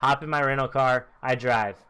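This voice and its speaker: A man co-hosting a casual podcast, mid-pitched and relaxed. He rambles through anecdotes with a teasing edge. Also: normal speed, smooth. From Texas and Michigan. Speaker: podcast co-host. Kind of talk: casual chat.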